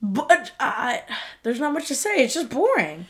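A woman's voice: high-pitched, very animated, a little slow. A young woman co-hosting a casual podcast, giving short, blunt verdicts. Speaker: podcast co-host. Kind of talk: casual chat.

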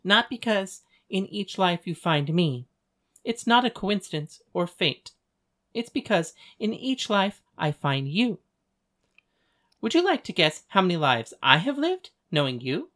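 A voice actor playing a calm, ancient goddess. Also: mid-range voice, a little slow. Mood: gentle. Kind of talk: audiobook dialogue reading.

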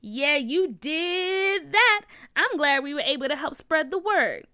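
A woman's voice: high-pitched, expressive, takes it slowly, pushed and bright, dry recording, studio quality, voice pushed up, exaggerated voice. A woman voicing a cheerful young schoolgirl in a storybook read-aloud. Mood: happy.

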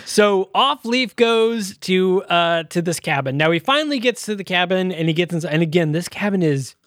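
Brief: male podcast co-host, fairly high voice, dry close sound, loose rambling film recap. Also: lively intonation, normal speed, fairly bright tone, no echo. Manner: loose retelling full of uh and um fillers. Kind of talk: casual movie review chat.

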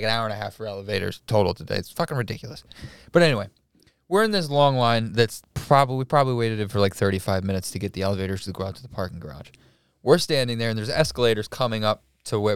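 A man's voice: lowish voice, expressive, quick pace, clear, resonant tone, dry recording, studio quality. A man in casual chat, telling a story with heavy swearing and acting out the people in it. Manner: profane storyteller acting out quotes.

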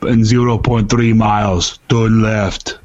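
A man putting on a clipped, deadpan impression of an action-film star with a put-on Austrian German accent. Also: fairly low pitch, takes it slowly, dry recording, highs cut off.

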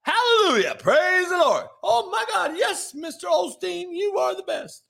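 A man's voice: very high voice, sing-song, a little slow, creaky, pushed and bright, pitched above the performer's own voice, full character voice. A man putting on the voice of a gullible churchgoer who gushes adoringly over a preacher. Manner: squealing, starstruck gushing.

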